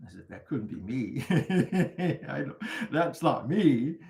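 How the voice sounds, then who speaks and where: A man's voice: mid-range voice, very animated, slow pace, gravelly, a little mellow, reverberant. An older man teaching a mindfulness class, telling stories in a chatty way and often asking "right?". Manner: chatty storytelling with frequent laughs and rhetorical "right?".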